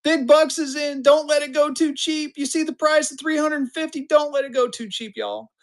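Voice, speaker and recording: A man's voice: very high-pitched, steady tone, normal speed. A man in his fifties running a live-stream auction, with chatty, upbeat patter that hypes the bids. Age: 50s.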